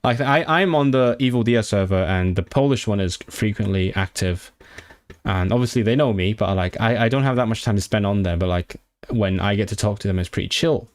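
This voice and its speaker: A man's voice: lowish voice, brisk, no room sound. A young man live-streaming his language study, chatting with viewers and sounding out foreign words with frequent restarts. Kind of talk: casual live-stream chat.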